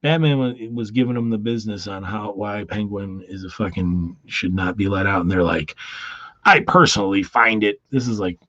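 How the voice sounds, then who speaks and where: A man's voice: fairly low pitch, fairly even intonation, brisk, hardly any pauses, dry recording. A man casually reviewing comic books in a rambling, profane way with many restarts. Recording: dull lo-fi sound.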